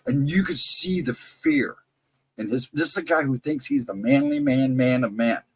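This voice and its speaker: A middle-aged man on a live chat show tells a story about a personal encounter, rambling casually, correcting himself and tossing in asides. His voice sits on the high side, very animated and gravelly with a breathy edge, at normal speed. The audio quality is poor.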